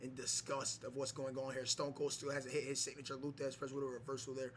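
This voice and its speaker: A man giving mock wrestling play-by-play over a video game, excitable, with many fillers and shouts on big moves. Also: medium pitch, a little fast, slight background noise. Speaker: gameplay commentator.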